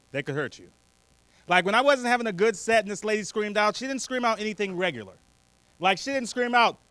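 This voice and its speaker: A man doing a stand-up comedy set on a club stage, animated and quick to break into loud character voices. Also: high-pitched, no room sound.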